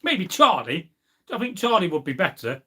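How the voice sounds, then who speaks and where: A man hosting a casual live stream, rambling and reading out chat comments, drawing out food words slowly. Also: sits high, big pitch swings, bright, forceful tone, breathy edge.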